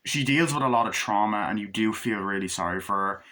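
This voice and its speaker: Young male reviewer, bright forceful tone, loose rambling delivery with casual swearing. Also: on the low side. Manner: rambling, swearing, acts out scenes in quick put-on voices. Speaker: movie reviewer.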